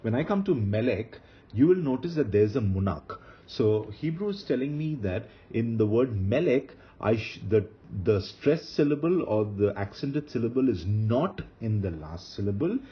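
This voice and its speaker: A man's voice: medium pitch, big pitch swings, normal speed. A man teaching a screen-recorded lesson, explaining patiently, with fillers and restarts. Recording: slightly muffled, faint background hiss.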